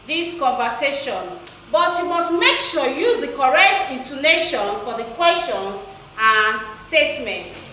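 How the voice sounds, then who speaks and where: A woman teacher giving a slow, repetitive recorded English lesson. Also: sits high, pushed and bright, a little hiss or hum. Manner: slow, repetitive, instructional, repeats key phrases. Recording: echoey room, voice from far off.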